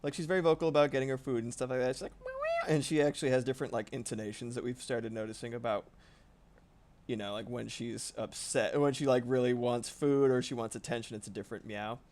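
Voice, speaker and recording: A man at an ordinary middle pitch talks casually on a live stream while he draws. He rambles from one thought to the next, swears freely and laughs often. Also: steady tone, quick pace, a little mellow. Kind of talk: casual livestream chat while drawing.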